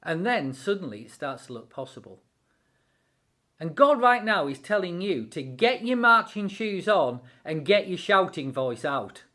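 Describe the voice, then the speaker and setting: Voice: medium pitch, big pitch swings, a little slow, a bit bright. A devotional speaker giving an encouraging sermon-style talk, acting out quotes with animation.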